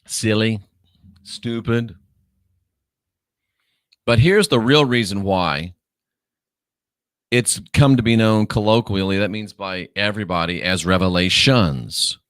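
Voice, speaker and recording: A man hosting his own online show, delivering a scornful, lecturing monologue and stretching key words out slowly for emphasis. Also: lowish voice, clean tone, no room sound, studio quality.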